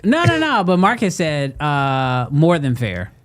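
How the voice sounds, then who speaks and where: A man's voice: fairly high pitch, wildly swooping pitch, unhurried, fairly bright tone. Playful man hosting a livestream. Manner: playful, laughing, reads chat aloud. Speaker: podcast host. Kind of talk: casual livestream banter.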